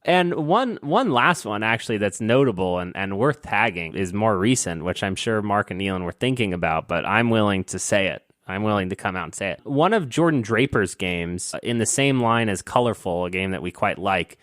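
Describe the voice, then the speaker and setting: A man's voice: fairly low pitch, expressive, normal speed, few pauses, a bit bright, no echo, clean studio sound. A man co-hosting a podcast, chatting casually in a rambling, self-deprecating way with lots of filler words. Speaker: podcast co-host. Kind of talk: casual chat.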